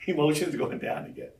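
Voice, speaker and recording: A male pastor preaching a sermon with a fairly high voice, lively and acting out the quotes he reads. He stands back from the microphone, and his voice rings around an echoey room. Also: far from the mic, slight background noise. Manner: animated, acts out scripture quotes. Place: large room with audience.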